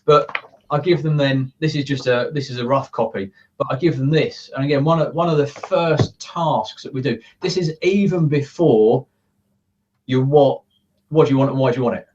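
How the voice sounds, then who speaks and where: A man's voice: mid-range voice, normal speed, darkish tone. A man speaking as a coaching guest in a casual interview from his office, earnest and acting out the thoughts he quotes. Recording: distant, muffled sound.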